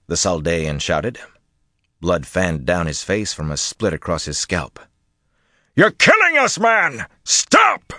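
A man reads a fantasy audiobook in a very deep voice. His delivery is measured and intense, pacing the dramatic passages with care. The recording is dry and close, with no room sound. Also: no room sound. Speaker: audiobook narrator.

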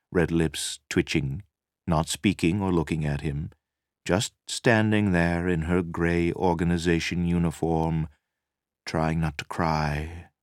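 A man reading a novel aloud as narrator, measured and dramatic. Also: low voice, no echo, clean studio sound. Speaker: audiobook narrator. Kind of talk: scripted narration.

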